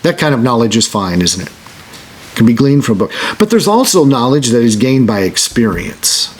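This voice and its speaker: A man preaching a sermon as pastor, earnest, restarting phrases and slowing down on scripture. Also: medium pitch, big pitch swings, slight background noise. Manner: earnest, repeats words when starting a phrase.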